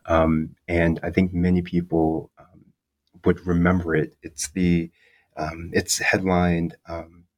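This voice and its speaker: Young man, interviewer, very low voice, slow, measured, pauses with fillers. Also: little pitch movement. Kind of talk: interview questions and conversation.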